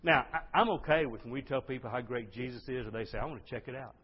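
A male pastor preaching a sermon with exuberant energy, swinging from loud bursts to hushed lines. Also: mid-range voice, fast talker, breathy edge. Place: church sanctuary. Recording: dull lo-fi sound.

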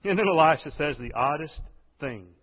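Impassioned preacher in a reverberant hall. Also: male voice, on the high side, lively intonation, moderate pace, slightly rough. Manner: swings from hushed to loud impassioned preaching. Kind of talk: sermon. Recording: dull sound with long hall reverb.

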